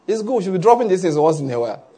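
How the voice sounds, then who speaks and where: Male preacher, husky voice on the high side, animated sermon delivery, keeps asking the crowd if they get it. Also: very fast. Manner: animated, asks "are you getting my point?" often, laughs along. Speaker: pastor.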